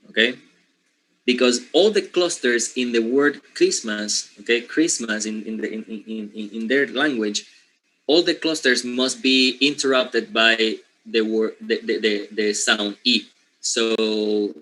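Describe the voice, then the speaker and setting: A professor with a Spanish accent explains a point to his class, his voice bright and forward. He often restarts his words and tags his sentences with "okay?" and "right?" as he goes. He speaks at a medium pitch for a man. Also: measured pace, poor audio. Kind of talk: university lecture.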